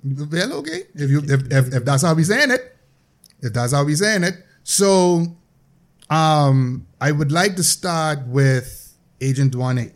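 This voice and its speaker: Bahamian man, podcast host, somewhat high voice, stammers and restarts. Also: animated, slow. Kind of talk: casual podcast banter.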